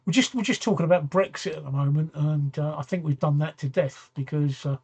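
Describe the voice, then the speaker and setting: A man in his sixties hosts a late-night live-stream talk show, tired and yawning as he rambles and repeats himself while answering viewer comments. His voice is fairly high, a little fast, darkish and husky.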